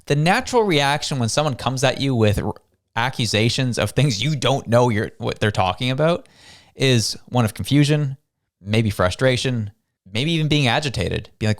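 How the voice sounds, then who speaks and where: A man's voice: mid-range voice, animated, moderate pace. A man from Canada hosting a show, giving casual news commentary in a conversational way, full of rhetorical questions. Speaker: show host.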